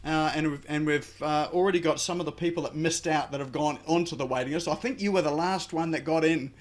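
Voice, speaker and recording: A man with a somewhat high voice speaks as a guest on a radio interview. He explains his business coaching program in a hesitant way, with many fillers. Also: a little fast.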